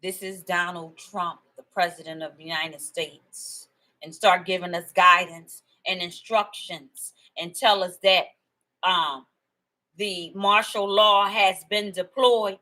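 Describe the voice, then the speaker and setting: Bright, excitable woman talking to viewers. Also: lowish voice, slow, low-quality recording. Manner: animated and excitable, laughing and emphatic; rambling storytelling with repetition. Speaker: video host. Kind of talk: casual monologue to viewers.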